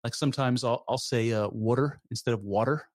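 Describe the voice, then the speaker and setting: A man's voice: mid-range voice, fairly even intonation, fast talker, no echo, studio quality. A man, a podcast guest chatting and often searching for words. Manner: hesitant, searches for words, many fillers. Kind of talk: casual conversation.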